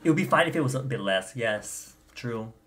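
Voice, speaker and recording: A man's voice: medium pitch, expressive, fairly quick, a crowd in the background. A man chatting casually as a livestream guest, playful and campy.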